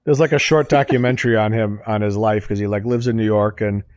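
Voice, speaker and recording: A man's voice: lowish voice, fairly even intonation, quick pace, darkish tone. A man co-hosting a podcast, telling a long anecdote in casual chat with many restarts and fillers. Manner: rambling storyteller, lots of "like" and restarts. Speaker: podcast co-host.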